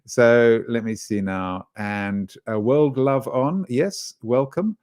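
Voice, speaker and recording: A man's voice: mid-range voice, slow pace, darkish tone, clean tone. A man from South Africa hosting a live online workshop on social media writing, chatty and hesitant with many fillers. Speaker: webinar trainer.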